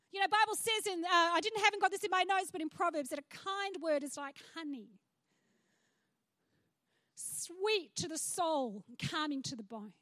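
A woman's voice: very high-pitched, animated, moderate pace, sharp tone, dry recording. An Australian woman pastor preaching on a church stage, chatty, with frank asides to the congregation. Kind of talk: sermon.

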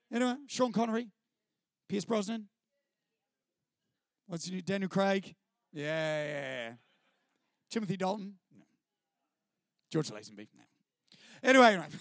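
A middle-aged man with a New Zealand accent tells his story from a church stage in an animated, self-deprecating style. His voice sits fairly high for a man. The sound is close and dry, with little room echo. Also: vocal fry. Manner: animated, self-deprecating, chatty, often laughing. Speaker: guest speaker on a church stage. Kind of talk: personal testimony storytelling to a live audience. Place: stage before a live audience.

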